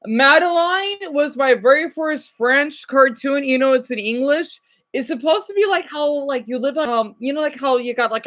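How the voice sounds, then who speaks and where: Woman streamer rambling to chat, kinda high voice, gets excited, lots of likes and ums. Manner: chatty, rambling and excitable, with many fillers. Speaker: live-streamer. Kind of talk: casual chat to viewers.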